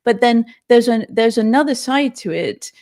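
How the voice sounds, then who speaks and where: A woman's voice: a little high, lively intonation, moderate pace, darkish tone. A woman guest on a podcast, speaking earnestly and with emphasis. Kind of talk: casual podcast interview.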